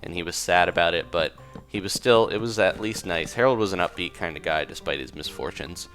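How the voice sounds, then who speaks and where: A man's voice: low voice, fairly quick, fairly bright tone. A man casually improvising a story over gameplay, rambling with fillers and side comments. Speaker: gaming video creator. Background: faint music.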